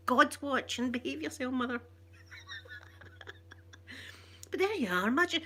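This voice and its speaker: A Scottish woman telling a childhood story in chatty, animated ASMR style, often laughing. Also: high voice, slow pace, slight background noise.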